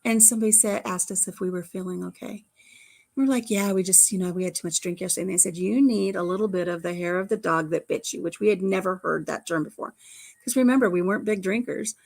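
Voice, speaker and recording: A woman's voice: medium pitch, fairly quick, vocal fry, darkish tone. A middle-aged woman hosting a livestream, chatting casually, telling stories and answering the live chat. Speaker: livestream host.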